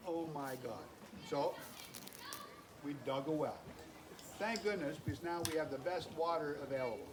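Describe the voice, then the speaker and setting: A man's voice: fairly high pitch, moderate pace, long pauses, background noise. An older man giving a farewell speech at a campground, telling folksy, self-deprecating stories to the gathered campers, recorded outdoors on a phone on a tripod. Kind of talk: storytelling speech to a crowd. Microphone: phone camera on a tripod at a distance. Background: crowd of campers.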